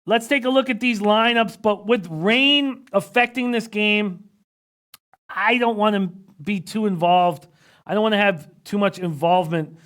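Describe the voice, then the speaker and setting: A man with a fairly high voice hosts a live betting stream, running through odds, averages and line moves. He talks quietly and close to the mic, and he keeps the numbers coming fast. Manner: rapid stat-heavy rundown, reads out chat comments. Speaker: sports betting analyst.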